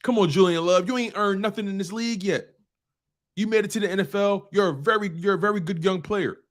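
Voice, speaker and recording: A man hosting a sports talk show, ranting in a casual, animated way and repeating phrases for emphasis. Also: sits high, brisk.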